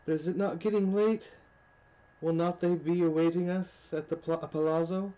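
A woman voicing a drunken Italian nobleman who laughs hysterically and talks slowly, in a dramatic reading of a horror tale. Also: lowish voice, fairly even intonation, dark tone, close to an everyday voice. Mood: uneasy pleading. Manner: slow, hysterical laughing delivery. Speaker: library staff reader. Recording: dull lo-fi recording.

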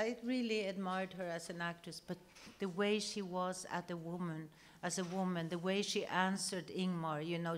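Animated woman telling a laughing anecdote. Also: on the low side. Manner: animated, laughing through the story, frequent restarts. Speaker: actress telling a story on stage. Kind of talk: anecdotal storytelling.

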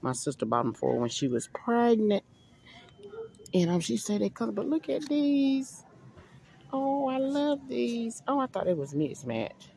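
A woman's voice: on the high side, big pitch swings, moderate pace, creaky, mellow, a little hiss or hum, rough recording. A middle-aged woman chatting to her viewers as she browses a large store, thinking aloud about what to buy. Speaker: vlogger. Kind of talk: casual shopping vlog talk to viewers. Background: store ambience.

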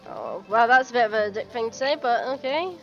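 Excitable woman playing a game. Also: on the high side, a little fast, lo-fi sound, soft background music. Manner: casual, swears, excitable about fishing. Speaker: gameplay commentator. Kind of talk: let's play commentary, reading game dialogue aloud.

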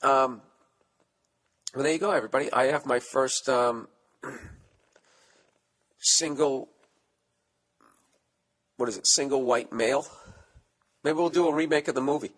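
Brief: comic podcast host, male, middle-pitched and even, swearing and sarcastic as he reads listener mail. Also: measured pace, pauses often. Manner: profane, sarcastic, riffing. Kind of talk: casual comedic podcast monologue, reading listener letters.

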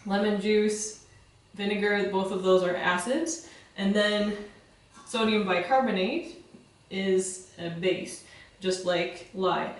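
Slow and fairly even in intonation, a woman with a mid-range voice gives a casual soap-making demonstration at home. She explains each step in a friendly, plain way, with some fillers and restarts. The room is very echoey and she's far from the mic.

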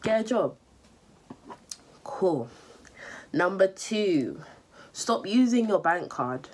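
A woman's voice: medium pitch, sing-song, takes it slowly, a little mellow. A young woman, bluntly scolding viewers with money advice in a vlog. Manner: blunt, scolding, repetitive, slangy. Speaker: vlogger.

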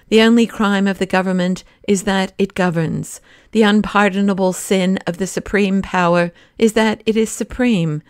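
A woman's voice: medium pitch, clean tone, no room sound, studio quality, lightly acted. Gregory, a woman reading a furious anarchist man. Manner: restrained, then fiercely accusing. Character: bitter, defiant male anarchist rebel. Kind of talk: audiobook character reading.

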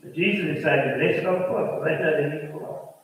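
A man's voice: on the high side, brisk, slight background noise. A man preaching a sermon as pastor, building his points through rhythmic repetition, recorded from a distance in a church. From South Africa. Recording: roomy church hall from a distant mic.

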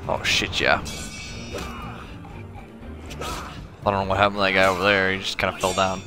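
A man's voice: deep voice, completely flat delivery, moderate pace, music in the background. A drunk young man swearing and grumbling his way through a video game, talking to himself as he plays. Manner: swearing, frustrated, muttering to the game. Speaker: gamer streamer. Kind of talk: angry drunk gameplay commentary.

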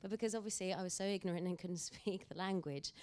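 A woman speaking as an actor guest at an onstage panel discussion, telling anecdotes in an animated way. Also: fairly low pitch, fast talker.

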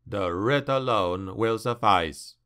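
A cunning male dark elf noble, calm and persuasive, played by a man narrating a fantasy audiobook. He speaks low and smooth at an unhurried pace, never raising his voice.

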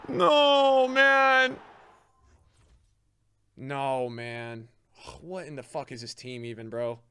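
A young man giving live commentary on his own football video game match to his chat, excitable, swearing often and yelling at big plays. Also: mid-range voice, unhurried, smooth. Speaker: game streamer.

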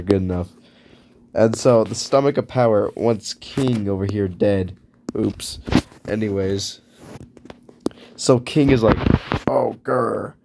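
A man's voice: lowish voice, creaky, mellow, a little hiss or hum. A man casually narrating as he draws, rambling and correcting himself in an offhand way. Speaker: video creator. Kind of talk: casual narration while drawing.

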